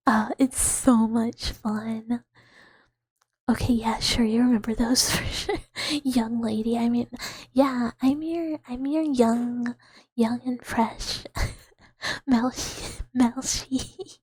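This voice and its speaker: A woman's voice: on the high side, steady tone, slow, husky, dry recording. A woman in her thirties whispering breathily and chattily as an ASMR streamer, giggling as she reads chat aloud into a close mic. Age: 30s. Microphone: close studio mic.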